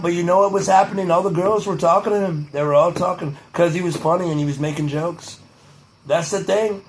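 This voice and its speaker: A man's voice: high voice, a little hiss or hum, lightly acted, poor audio. A man doing a rambling, boastful older public figure. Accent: Boston. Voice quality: rambling, repetitive, profane. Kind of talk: comedic impression monologue.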